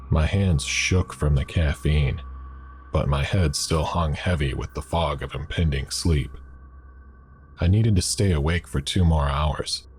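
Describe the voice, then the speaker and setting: Man, horror narrator, extremely deep voice, slow measured reading, deliberate. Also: a little hiss or hum.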